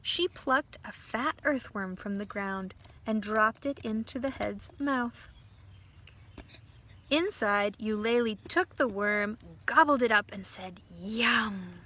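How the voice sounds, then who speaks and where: A woman pastor reading a storybook aloud to children, with gentle asides to a child. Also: fairly high pitch, slow pace.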